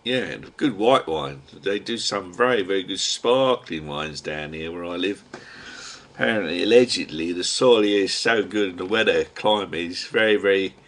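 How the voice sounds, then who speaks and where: A low-voiced man with a thick Cockney accent talks to his webcam from home. He drifts from one thing to the next in a gruff, slangy ramble, throwing in the odd mild curse. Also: moderate pace, fairly bright tone. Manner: chatty, digressive, gruff slang and mild swearing. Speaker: webcam vlogger. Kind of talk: rambling casual monologue to a webcam.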